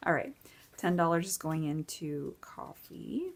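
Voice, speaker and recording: In a low voice with big pitch swings, a woman in her forties talks unhurriedly and upbeat as she sorts cash into budget envelopes. A budgeting vlogger, she's worn out from too little sleep.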